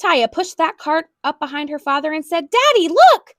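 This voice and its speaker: Woman, storybook read-aloud, high voice, dry close sound. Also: moderate pace, dry recording. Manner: expressive, animated reading. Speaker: storybook reader.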